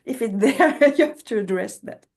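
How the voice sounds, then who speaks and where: A woman's voice: on the high side, animated, moderate pace, darkish tone. A woman with a French accent, a guest coach who speaks English as a second language, thoughtful and laughing easily as she talks. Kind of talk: conversational interview.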